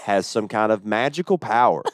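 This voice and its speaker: A man, a stand-up comedian, telling a story on a podcast in an animated, profane and exasperated way. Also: on the low side, normal speed, no echo, studio quality. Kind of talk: casual storytelling chat.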